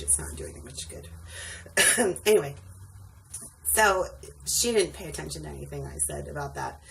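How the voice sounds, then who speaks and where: A woman's voice: deep voice, vocal fry. A woman rideshare driver telling a rambling story in a casual vlog, full of ums and asides, tired late at night. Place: indoors at home, sitting on a wobbly stool. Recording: distant mic with faint background noise.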